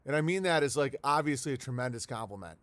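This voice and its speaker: A man's voice: medium pitch, lively intonation, fast, a bit bright, no echo. A man with a congested, stuffy nose hosting a livestream, chatting casually and joking as he reads viewer messages. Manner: joking, rambling, reads messages in a raised, punchy voice. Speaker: livestream host.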